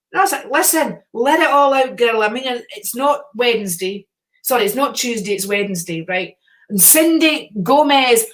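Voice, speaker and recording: A middle-aged woman hosting a casual live stream, reading out viewer comments, chatty and encouraging and swearing casually. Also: on the high side.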